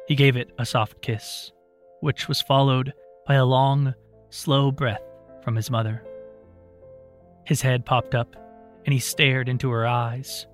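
Male audiobook narrator, steady, mid-pitched, soft music underneath.

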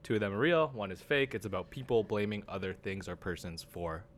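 This is a man hosting a casual comedy podcast, laughing often and ribbing his friends. His voice moves lively up and down as he reads strange headlines out loud. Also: lowish voice, a little fast. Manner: playful, laughs often, teasing. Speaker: podcast host reading headlines.

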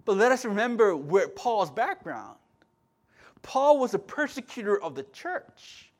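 A man preaching a sermon as pastor, his voice a little high for a man. He swings between loud, emphatic pushes and hushed asides. He often stumbles into restarts and repeated words. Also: sing-song, a little slow.

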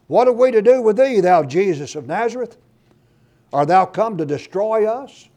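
A preacher voicing a shrieking, terrified demon. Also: male voice, sits high, lively intonation, moderate pace, dark tone, pitched above the performer's own voice. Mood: frightened. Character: terrified male demon crying out in fear.

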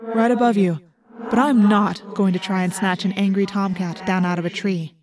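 A woman doing a calm boy trapped as a hawk. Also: mid-range voice, normal speed, faint music behind, lightly acted. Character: teenage boy stuck as a hawk, calm guide.

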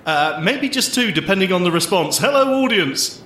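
A man's voice: sits high, lively intonation, a little fast, sharp tone. A man co-hosting a podcast, teasing his partner and laughing at his own joke. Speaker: podcast co-host. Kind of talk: playful comedy banter and joke telling. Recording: echoey room with faint noise.

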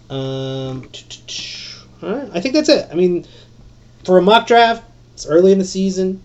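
Man, podcast host, rambling, excitable, fillers, a bit high-pitched, dull lo-fi audio. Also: a little slow, pauses often. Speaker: fantasy basketball podcast host. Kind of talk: solo podcast talk.

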